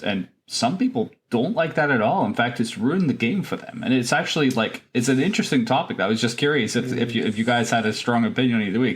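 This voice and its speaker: A man co-hosting a podcast in casual chat, rambling with frequent fillers. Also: medium pitch. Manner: rambling, many fillers and restarts. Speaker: podcast co-host.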